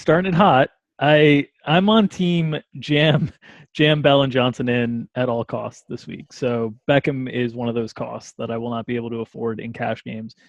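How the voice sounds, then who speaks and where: A man's voice: mid-range voice, little pitch movement, normal speed, no echo, highs cut off. A man with a dry, wry sense of humor talking through sports stats on a casual podcast. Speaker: podcast guest analyst. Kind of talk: casual chat.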